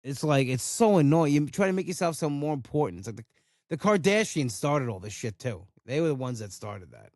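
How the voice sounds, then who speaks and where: A man's voice: a little high, lively intonation, fairly quick, a little mellow, no echo, clean studio sound. A man hosting a solo podcast, ranting in a blunt, casual way and swearing freely. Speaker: podcast host.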